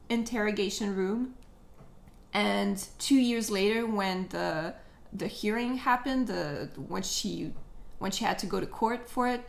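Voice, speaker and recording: A woman chatting casually while doing her makeup, telling a story with jokes and animated retelling. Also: on the high side, vocal fry. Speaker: beauty vlogger. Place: at home, living room.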